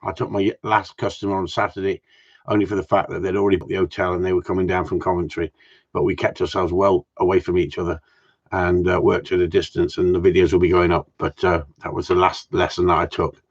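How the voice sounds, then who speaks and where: A man's voice: low voice, level tone, quick pace. Chatty man on a live stream. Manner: jokey, chatty, greets viewers by name. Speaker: gundog trainer hosting a live stream. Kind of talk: casual live-stream chat. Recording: dull lo-fi stream audio.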